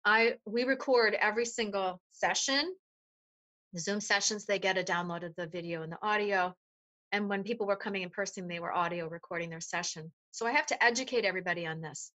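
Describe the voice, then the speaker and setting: A woman voice coach explaining voice resonance in an animated, demonstrative way during an interview. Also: medium pitch, brisk. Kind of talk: interview conversation.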